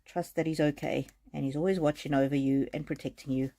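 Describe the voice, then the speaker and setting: A woman with a lowish voice, reading oracle cards on a live stream. She talks gently and haltingly, often laughing and showing emotion. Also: steady tone. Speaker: tarot and oracle card reader. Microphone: streaming mic.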